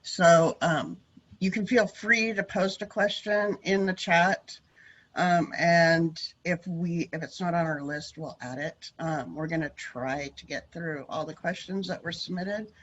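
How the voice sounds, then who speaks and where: A woman's voice: lowish voice, a little slow, muffled recording. A woman moderating a webinar panel over a video call, talking with frequent hesitations. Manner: hesitant, many ums.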